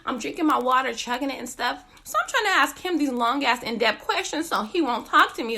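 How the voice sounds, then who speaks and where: A young podcast host tells a story in a casual monologue. Her voice sits high and sounds sharp and bright. She swears freely and acts out every quote with lively energy. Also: fairly quick, few pauses, slight background noise. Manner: profane, animated, acts out quotes.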